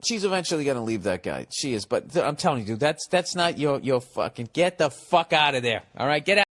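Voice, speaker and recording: A man's voice: mid-range voice, animated, brisk. A man hosting a podcast, ranting casually and bluntly while reading out listener emails, swearing and laughing often. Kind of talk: casual profane rant.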